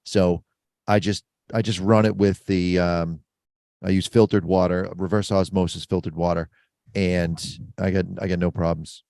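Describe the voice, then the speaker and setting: A man with a fairly low voice talks through practical tips with easy confidence on a casual podcast. The room is dead and dry, with the mic close. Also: flat delivery, moderate pace, a little mellow, dry recording. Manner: confident, explanatory. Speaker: podcast host. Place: mobile studio.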